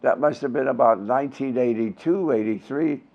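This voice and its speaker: A man's voice: mid-range voice, normal speed, gravelly, lo-fi sound. A man in his nineties with a Brooklyn and Yiddish-tinged accent, telling stories in an interview with many fillers and restarts. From United States. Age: 90s. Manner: rambling, animated storyteller with many fillers and restarts. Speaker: veteran Yiddish theater actor, guest. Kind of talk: storytelling interview.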